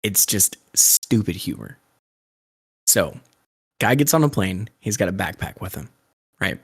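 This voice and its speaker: A young man with a fairly low voice rambles through a long joke on a casual podcast. He curses freely and keeps a laid-back, unhurried delivery. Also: very animated, vocal fry, breathy edge. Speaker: podcast co-host.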